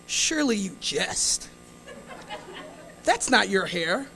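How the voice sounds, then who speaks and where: A woman playing a skeptical, condescending elderly woman customer who speaks slowly and primly. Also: medium pitch, very animated, bright, forceful tone, faint music behind, exaggerated voice, low-quality recording. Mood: doubtful.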